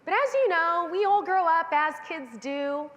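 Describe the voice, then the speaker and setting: A woman giving a keynote on stage, telling a story with lively acted-out voices. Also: extremely high pitch, a little slow. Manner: animated, acting out the voices in her anecdote. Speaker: keynote speaker. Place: stage in a large event hall. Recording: long reverb of a large hall. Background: hall reverb.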